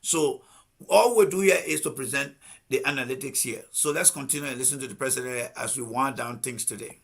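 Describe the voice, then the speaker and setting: A man's voice: mid-range voice, fairly quick, gravelly, slightly rough. A Liberian man hosting a live political commentary stream, combative and repeating pointed rhetorical questions. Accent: Liberian English.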